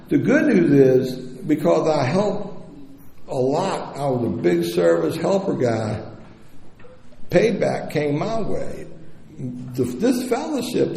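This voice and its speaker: Gravelly-voiced man sharing his story. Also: on the high side, dark tone, slight background noise. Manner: blunt, profane and candid. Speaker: recovery convention speaker. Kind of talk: personal recovery story told to an audience. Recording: echoey hall with long reverb.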